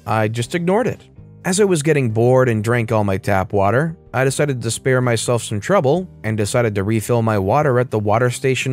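A man reading an online story aloud as a first-person narrator, in a lively scripted style. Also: medium pitch.

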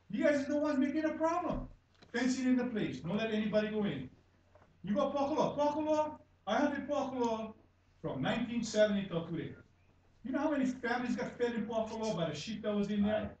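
A man's voice: high voice, darkish tone. A man in his fifties from Hawaii, speaking English with a Hawaii Pidgin accent, giving blunt, angry, repetitive testimony with swearing at a public hearing. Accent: Hawaii Pidgin-tinged English. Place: conference room. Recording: echoey room from far off, faint noise.

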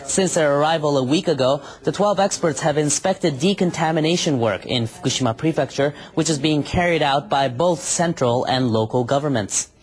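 A man reading a broadcast news report in a measured, formal way. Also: on the high side.

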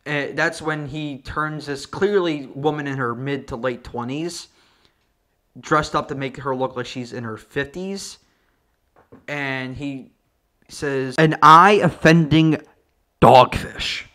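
A video reviewer ranting about a movie with exasperated, profane comic energy, sometimes jumping into high-pitched outbursts. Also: slow pace, fairly bright tone. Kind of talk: comedic movie review rant.

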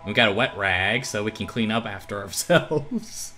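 A man's voice: on the low side, normal speed, sharp tone, faint music behind. A man co-hosting a horror game playthrough, easygoing and laughing often at his partner's jokes. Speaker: co-host playing a horror game. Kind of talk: gaming commentary.

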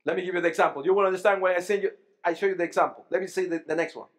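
In a church sanctuary, a high-voiced male pastor races through a lively sermon. He checks in with the congregation constantly, often repeating or restarting phrases as he builds toward his point.

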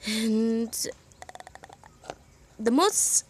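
A woman's voice: medium pitch, expressive, a little slow, background noise. A woman rambling in a moody, self-deprecating way in a casual vlog from her bedroom, half whispering at times, recorded on a phone. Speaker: vlogger. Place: bedroom at home.

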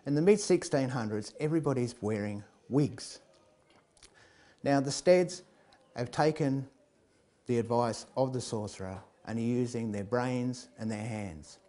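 A man telling a comic tale, lively and chuckling, building to loud climaxes. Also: mid-range voice, measured pace. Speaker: storyteller. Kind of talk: comic oral storytelling.

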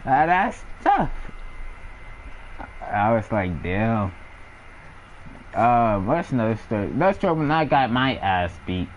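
Animated young man telling stories. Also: mid-range voice, unhurried, lo-fi sound, slight background noise. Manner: animated, laughs often, heavy slang, acts out sounds. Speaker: storyteller. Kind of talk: casual storytelling.

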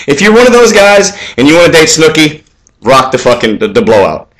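A man in his forties talking casually into the camera for his own video, rambling with lots of fillers and restarts, swearing freely and getting louder and higher when he gives advice. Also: sing-song, a little fast. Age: 40s. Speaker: vlog host. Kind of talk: casual monologue.

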